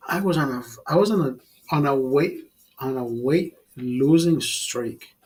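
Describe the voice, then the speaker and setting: A man's voice: mid-range voice, unhurried, darkish tone, slightly rough, rough recording. A middle-aged man telling stories in a casual vlog, rambling, repeating himself and swearing a lot. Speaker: vlogger. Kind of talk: casual storytelling while drinking.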